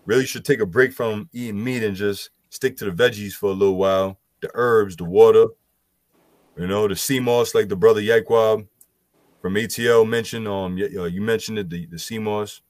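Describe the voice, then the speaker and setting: A man's voice: on the low side, steady tone, moderate pace, no room sound. A man, loosely explaining scripture and health to a group with lots of "you know" fillers. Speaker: group discussion speaker. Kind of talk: casual scripture teaching.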